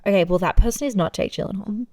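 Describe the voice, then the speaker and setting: A woman's voice: medium pitch, fast, a little mellow. A woman co-hosting a podcast in casual chat, wry and sarcastic, musing through tangents with fillers. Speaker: podcast co-host.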